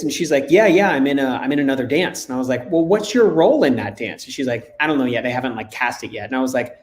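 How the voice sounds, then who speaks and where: A man's voice: mid-range voice, a little fast. Man, co-host, casual storytelling, acts out voices, roomy echo. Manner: animated anecdotes, acts out dialogue. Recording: echoey room.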